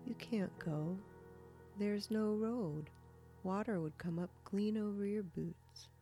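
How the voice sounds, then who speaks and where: A woman reading the lines of a stern, caring old grandmother who scolds softly. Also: mid-range voice, takes it slowly, soft background music, pitched above the performer's own voice.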